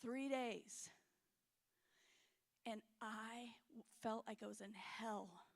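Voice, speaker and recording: A middle-aged woman preaching a frank, emotional sermon in a church, swinging between loud and hushed. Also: fairly high pitch, fairly even intonation, slow. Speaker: conference speaker.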